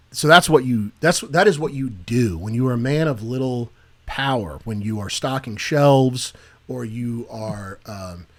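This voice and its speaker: Animated man co-hosting a faith podcast. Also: medium pitch. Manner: animated, joking, then earnest and preachy. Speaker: podcast co-host. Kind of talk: casual faith chat.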